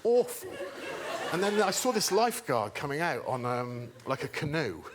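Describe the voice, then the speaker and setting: A man's voice: on the high side, sing-song, normal speed, a crowd in the background. A male comedian telling a self-mocking comic story as a chat show guest. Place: TV studio with a live audience. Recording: loud studio noise.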